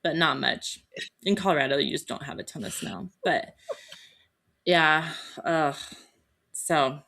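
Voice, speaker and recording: Mom in her 30s hosting a podcast, lowish voice, animated storyteller doing little voices. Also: measured pace, gravelly. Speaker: podcast host. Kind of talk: casual chat.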